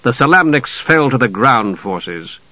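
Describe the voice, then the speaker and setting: A man's voice: mid-range voice, very animated, unhurried, bright, forceful tone, dry recording, full character voice. Brief: male reader as a cold, proud enemy knight, clipped and scornful, dull audio.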